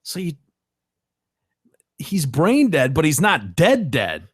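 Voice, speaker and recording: A man's voice: a little high, wildly swooping pitch, slow, breathy edge, dry recording, clean studio sound. A man hosting a podcast, chatting casually and joking with a co-host, laughing often.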